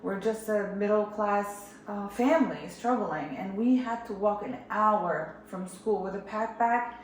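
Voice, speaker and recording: A woman from Jerusalem candidly retelling a personal experience in an animated way. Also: mid-range voice, measured pace, slight background noise. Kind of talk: personal storytelling. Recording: echoey room.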